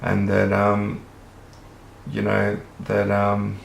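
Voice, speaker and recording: A man's voice: fairly low pitch, completely flat delivery, extremely slow, creaky, slight background noise. A man with an Australian accent who talks to the camera in an earnest, rambling monologue and swears casually. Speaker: vlogger. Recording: roomy echo.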